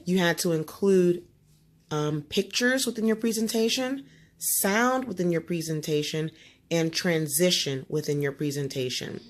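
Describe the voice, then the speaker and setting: Coaching one student at home, a woman with a lowish voice teaches the lesson and regularly confirms understanding through short tag questions.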